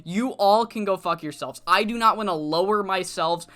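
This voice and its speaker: A woman's voice: medium pitch, moderate pace, fairly bright tone, lightly acted. A woman voicing an arrogant male pro wrestler who curses and sneers while retelling a game story. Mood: contemptuous. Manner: scornful, swearing.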